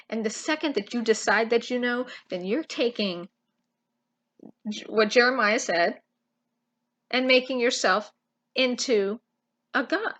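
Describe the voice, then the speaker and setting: Woman preaching casually, fairly high voice, gets emphatic, lots of restarts. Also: a bit bright, lo-fi sound. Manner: impassioned, emphatic, with pauses and restarts. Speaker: Christian teacher. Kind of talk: informal Bible teaching.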